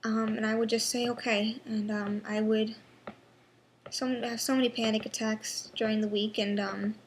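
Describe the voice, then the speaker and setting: A young woman talks to her webcam at home in a halting, restart-heavy monologue, worn down and frustrated. Her voice sits a little high. A faint background hiss runs under the recording. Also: level tone. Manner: halting, with many ums and restarts. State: unwell. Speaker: vlogger. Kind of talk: personal vlog monologue.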